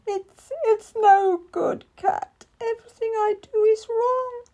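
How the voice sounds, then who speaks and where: A woman's voice: very high voice, steady tone, slow, mellow, pitched above the performer's own voice. A woman voicing a timid young lady-in-waiting, speaking in a shaky, tearful, pleading way. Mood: despairing.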